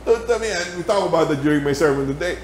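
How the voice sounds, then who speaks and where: A man with a Filipino accent teaching a Bible lesson in a church, telling stories in an animated way with laughter. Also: fairly high pitch, rapid-fire, echoey room, a little hiss or hum. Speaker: Sabbath school teacher. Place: church hall.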